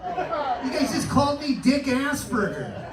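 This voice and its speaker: A stand-up comedian works the crowd on a live cabaret stage with a crude, self-deprecating set, his voice very high-pitched, sing-song and unhurried. The recording is noisy and roomy, captured from a distance in a live club.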